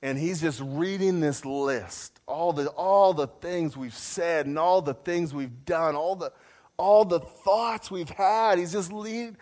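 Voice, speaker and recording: A man preaching a sermon, telling a personal story with self-deprecating humor and jumping into a high voice to mimic his own outrage. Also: slow pace, darkish tone. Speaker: pastor.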